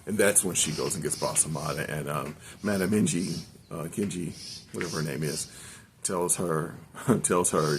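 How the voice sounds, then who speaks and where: Older male reviewer, deep gravelly voice, meandering casual recap full of fillers. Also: moderate pace, a little hiss or hum. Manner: rambling, with many ums and self-corrections. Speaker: anime reviewer.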